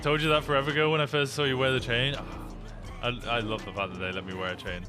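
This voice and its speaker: A man's voice: mid-range voice, steady tone, fast, over music. A man streaming a game roleplay as a police officer, upbeat and chatty, often repeating himself as he talks to players and viewers.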